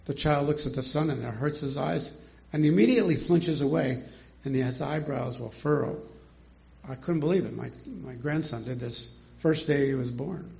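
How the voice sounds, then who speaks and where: A man's voice: mid-range voice, moderate pace, creaky, darkish tone. An older man teaching a Bible study in a chatty way, asking rhetorical questions and chuckling often, on a dull lo-fi recording.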